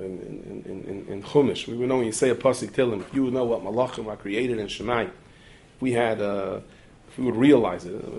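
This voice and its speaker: Man telling stories in a Torah talk. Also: mid-range voice. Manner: animated anecdotal storytelling, mixes Hebrew and Yiddish terms. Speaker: religious lecturer.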